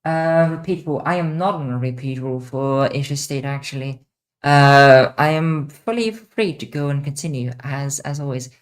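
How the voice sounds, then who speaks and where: A woman's voice: very deep voice, normal speed. A young woman streamer hosting a casual Q&A, rambling and repeating herself with many fillers. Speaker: streamer host. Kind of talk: casual livestream Q&A.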